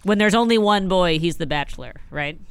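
A woman's voice: fairly low pitch, expressive, a little fast, clear, resonant tone, no echo. A woman co-hosting a podcast in casual chat, with wry, amused asides. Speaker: podcast co-host.

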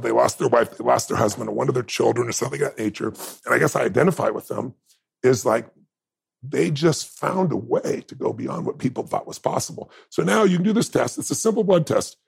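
Gravelly, husky, impassioned man. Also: medium pitch. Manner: emotional, impassioned, emphatic. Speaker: interview guest. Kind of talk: heartfelt conversational storytelling.

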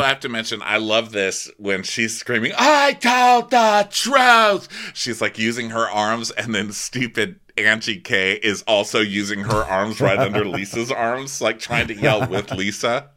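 A man co-hosting a comedy recap show, talking with a bright, forward tone. He is animated and exasperated and swears freely as he picks the episode apart. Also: fairly low pitch, moderate pace, few pauses. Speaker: podcast co-host.

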